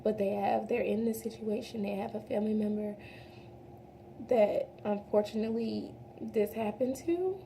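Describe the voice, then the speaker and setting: A woman's voice: medium pitch, normal speed, vocal fry, dark tone, slight background noise. A woman doing a casual makeup tutorial at home, talking earnestly and rambling a little, calling her viewers "y'all". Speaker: beauty vlogger. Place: home, daylight from a window.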